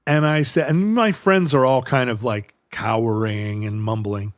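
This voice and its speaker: This middle-aged podcast host rambles through a long anecdote in casual conversation, cutting himself off mid-sentence and acting out the quoted dialogue. His pitch is medium and his intonation fairly even, and he talks a little slowly. The studio-quality audio has no room sound.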